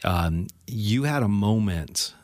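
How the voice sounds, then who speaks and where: Deep-voiced man hosting an interview. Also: animated, slow pace, darkish tone, dry recording, studio quality. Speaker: podcast host. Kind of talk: interview questions.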